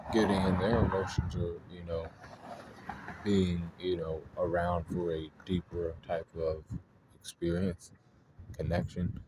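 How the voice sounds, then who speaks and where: A man's voice: low-pitched, noisy background. A man talking casually and at length about astrology, in a loose, slangy way full of fillers. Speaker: astrology vlogger. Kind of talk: casual off-the-cuff talk.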